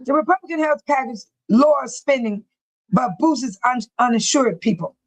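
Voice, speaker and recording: A woman's voice: sits high, animated, moderate pace, dry recording, poor audio. An older woman hosting a casual livestream, reading out chat comments with frequent laughs. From United States. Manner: chatty, laughs often, calls herself by her channel name. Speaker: livestream host.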